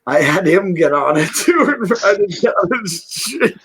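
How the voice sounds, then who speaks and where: A man telling animated stories with lots of laughter in a casual garage chat with friends. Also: high-pitched, a little slow, slight background noise, rough recording. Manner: animated storyteller, laughs and swears.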